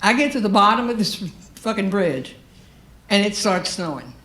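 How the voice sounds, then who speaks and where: A woman's voice: medium pitch, expressive, normal speed, fairly bright tone. A woman from Louisiana with a Cajun Southern accent, telling a brash, profane stand-up story on stage. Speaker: stand-up comedian. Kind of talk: stand-up comedy set. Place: comedy stage with live audience. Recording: roomy live venue with faint ambience.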